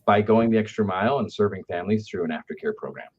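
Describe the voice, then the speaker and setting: This aftercare company speaker is a man with a low voice, a quick pace and a breathy edge, telling business anecdotes conversationally. "Right?" comes up again and again in his storytelling, and the audio sounds dull and lo-fi.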